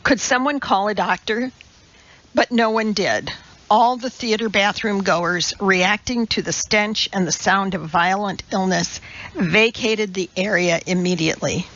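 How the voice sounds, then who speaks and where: A woman narrating an audiobook novel in a measured, even way. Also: mid-range voice. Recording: dull lo-fi audiobook recording.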